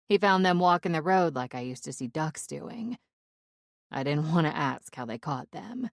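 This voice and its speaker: A woman narrating a first-person audiobook in a measured, conversational storytelling manner. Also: low-pitched, no room sound, studio quality.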